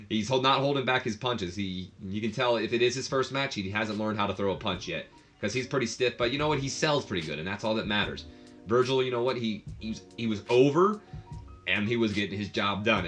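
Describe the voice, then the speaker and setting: Low-voiced man rambling through a review. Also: a bit bright. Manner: chatty and rambling, with fillers and laughter. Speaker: wrestling review channel host. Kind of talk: casual review commentary.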